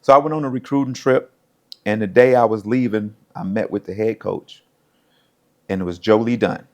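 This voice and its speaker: A middle-aged former pro football player from the United States recounts episodes from his life at a normal pace in a lowish voice. His casual storytelling is animated, and he performs the voices of the people he quotes.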